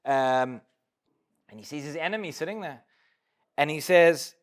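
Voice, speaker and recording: A man with a high voice leads a Talmud class, walking his listeners through the story point by point. He acts out each line of dialogue as he goes and often trips over his first words before a thought settles. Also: normal speed, pauses often. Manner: explains step by step, acts out the dialogue in quotes; repeats small words when starting a sentence. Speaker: rabbi teaching a class. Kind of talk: Talmud lecture to a live class.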